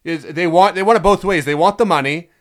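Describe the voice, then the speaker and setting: A man's voice: sits high, fairly quick, crowd noise. A man hosting a comedy podcast, telling stories animatedly with sarcasm and casual swearing. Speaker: podcast host.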